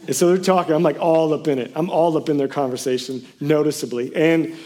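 A pastor in his thirties delivers a sermon in a casual, jokey storytelling style, frequently breaking into loud, excited bursts. His voice is on the high side and fairly quick.

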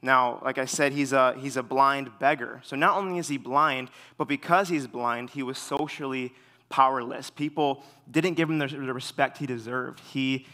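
A young man giving a sermon in a relaxed way, full of fillers, telling stories with animation. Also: mid-range voice, normal speed. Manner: relaxed, filler-heavy storytelling; animated when retelling stories. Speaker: preacher. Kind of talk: casual sermon.

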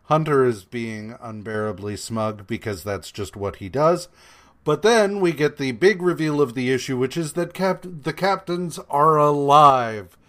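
A man's voice: mid-range voice, lively intonation, a little slow, a bit bright. A man co-hosting a podcast, recapping comic issues in casual chat with lots of fillers, swearing and sarcastic paraphrases of the characters. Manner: meandering, profane, many fillers and hesitations. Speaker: podcast co-host.

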